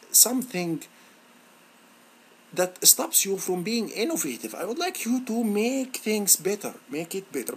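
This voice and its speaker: A male instructor talking students through a software lab on screen, thinking aloud with repeated words and many fillers. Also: a little hiss or hum. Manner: lively, rising pitch on praise words. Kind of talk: screen-recorded software tutorial.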